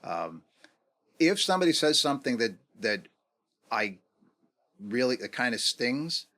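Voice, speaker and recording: A man in his fifties, a guest on a podcast interview, talking reflectively and acting out quoted dialogue with lively swings in pitch. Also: a little slow. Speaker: guest, negotiation executive.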